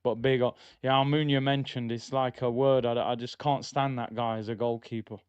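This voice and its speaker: Watching football live with his stream, a young man reads chat messages and reacts loudly to chances in a casual way. His mid-range voice is level and clean at normal speed, captured dry and lo-fi on a streaming mic.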